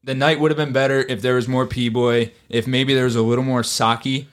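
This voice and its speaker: A man's voice: mid-range voice, level tone, fairly quick. A man hosting a casual sports podcast, talking animatedly and swearing, and acting out other people in exaggerated voices. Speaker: podcast host. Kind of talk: casual chat.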